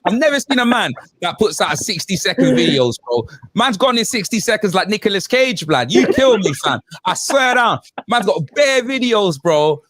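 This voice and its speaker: A man, a guest on a fan podcast stream, chatting in an animated, joking, slang-heavy way over a video call. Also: high voice, normal speed, hardly any pauses, no echo. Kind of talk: casual chat.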